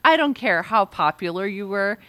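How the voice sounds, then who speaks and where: A woman's voice: mid-range voice, lively intonation, normal speed, pushed and bright, smooth, no echo. A woman co-hosting a podcast in casual chat, tipsy, chatty and giggly. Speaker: podcast co-host.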